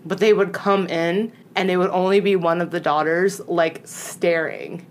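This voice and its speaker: A chatty woman with a slightly low voice tells ghost stories in casual podcast talk, peppering everything with "like" and slipping into the voices of the people she quotes. A faint hiss of noise sits under her voice. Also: steady tone, measured pace. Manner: chatty, lots of "like", acts out quoted lines. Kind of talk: casual storytelling chat.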